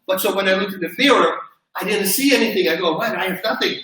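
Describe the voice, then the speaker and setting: Bright-voiced man telling a wild story. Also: high-pitched, fast. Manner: lively, laughs at his own story, acts out quotes. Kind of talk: animated storytelling. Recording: roomy, from a distance.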